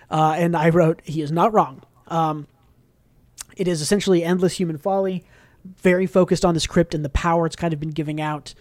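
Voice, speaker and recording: A man with a fairly high voice chats casually on a podcast, recapping a comic with plenty of fillers and acted-out quotes. The recording is close and dry, with no room sound. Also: steady tone, brisk, dry recording. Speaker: podcast co-host. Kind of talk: casual book club discussion.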